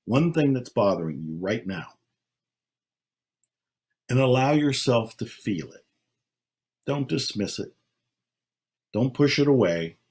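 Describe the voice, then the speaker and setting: An older man speaking slowly and calmly, leading a guided meditation with long pauses. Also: mid-range voice, breathy edge. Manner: slow, calm, soothing, with long pauses. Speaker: self-help speaker. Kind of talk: slow guided meditation talk.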